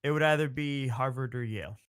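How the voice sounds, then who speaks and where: A man co-hosting a podcast, quizzing his partner with quick interjections in casual chat. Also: medium pitch, clear, resonant tone, no echo, studio quality. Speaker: podcast co-host.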